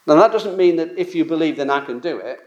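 A man's voice: on the high side, quick pace, muffled recording. A man preaching an expository sermon. He talks emphatically, repeats his points and asks rhetorical questions.

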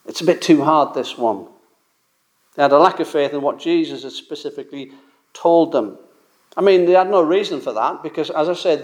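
A man preaching an expository sermon. He talks emphatically, repeats his points and asks rhetorical questions. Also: fairly high pitch.

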